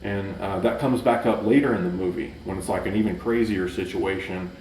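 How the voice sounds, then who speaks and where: A man's voice: low voice, fairly even intonation, a little fast, darkish tone, slight background noise. A man casually reviewing a movie for his channel, rambling with lots of fillers and restarts. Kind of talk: casual chat. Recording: roomy echo, mic at a distance.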